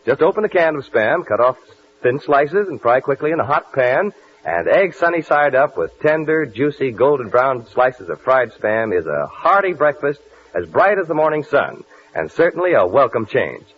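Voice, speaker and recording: A man reading a commercial as the announcer of a 1940s radio show, in a smooth sales pitch. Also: sing-song, moderate pace. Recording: tinny 1940s radio broadcast.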